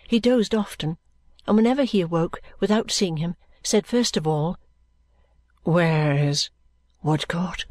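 A woman narrating a classic novel as an audiobook, in a measured, gentle reading. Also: on the low side, dry recording.

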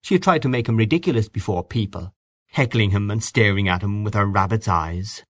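A man reading a classic story aloud in a measured, expressive way. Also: fairly low pitch, no echo, studio quality. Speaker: audiobook narrator. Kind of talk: scripted narration.

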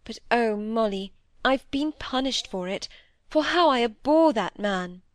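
Young woman pouring out a regretful confession, read by a woman; higher voice, close dry sound. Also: animated, a little slow, no echo. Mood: confiding. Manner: earnest, regretful, rising to indignation. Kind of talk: audiobook reading of dialogue.

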